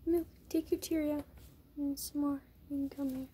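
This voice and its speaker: A woman's voice: high voice, little pitch movement, a little slow, dark tone, a little hiss or hum. A woman vlogging on her phone at home, chatting and coaxing her pet rats at their cage. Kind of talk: casual vlog talking to pet rats. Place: indoors at a rat cage. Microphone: phone held up while filming.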